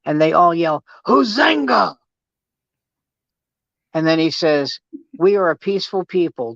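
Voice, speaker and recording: A guest comedian on a casual podcast tells jokes and stories in a wisecracking way. His voice sits on the high side, and the recording is dry, dull and lo-fi with no echo.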